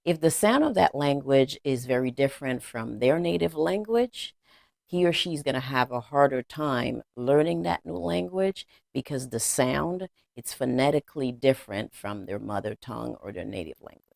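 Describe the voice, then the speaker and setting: A man's voice: mid-range voice, expressive, normal speed, creaky, darkish tone, no room sound. A man narrating a language lesson in a plain, repetitive explaining manner with some fillers. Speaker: language teacher.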